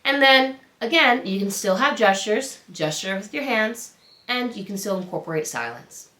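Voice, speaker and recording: An upbeat woman instructor talks straight to the viewer, her pitch swinging widely. Her voice is bright and forward. The recording has a roomy echo. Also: normal speed. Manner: upbeat, animated, addresses viewer directly. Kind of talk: instructional presentation.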